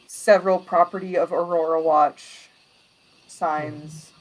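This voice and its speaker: A woman game master describing a scene in a tabletop game, slow and descriptive with many fillers. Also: sits low, fairly even intonation, poor audio.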